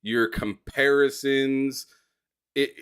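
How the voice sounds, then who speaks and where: A man hosts a relaxed gaming talk show. His voice is smooth and resonant, at a middle pitch. He sounds encouraging and often repeats words before he finishes a thought. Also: very slow. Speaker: host. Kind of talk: casual interview chat.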